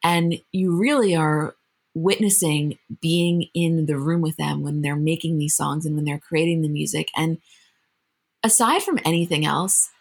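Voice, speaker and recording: A woman with a low, husky voice, co-hosting a podcast in casual chat. She talks thoughtfully and at a measured pace. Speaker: podcast co-host.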